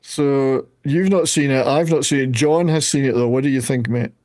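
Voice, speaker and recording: A man's voice: medium pitch, normal speed, darkish tone. A man hosting a casual panel chat over a video call, talking freely and laughing easily. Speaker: host.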